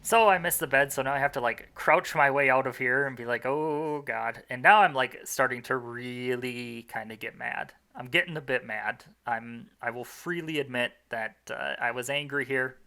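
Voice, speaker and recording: A young man rambles through casual commentary on his own game run, mocking himself, restarting sentences, and filling gaps with "uh" and "like." His mid-range voice has a gravelly fry with a bright, edgy tone on top, at normal speed with hardly any pauses.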